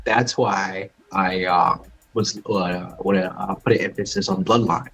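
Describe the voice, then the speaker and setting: A man's voice: sits low, fairly even intonation, a little slow, gravelly, fairly bright tone, breathy edge, soft background music. A man calling in, a martial artist who speaks hesitantly with many filler sounds. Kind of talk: casual call-in chat. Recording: dull lo-fi call audio.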